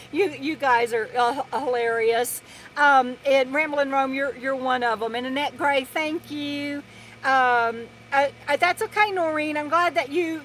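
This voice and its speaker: A woman chats on a live stream in a bright, high voice, rambling along as she reads out viewer comments. She records from inside her RV, and faint truck noise rumbles through from a parking lot outside. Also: low-quality recording. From Texas. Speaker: vlogger hosting a live stream. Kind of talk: casual live-stream chat. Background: loud trucks passing.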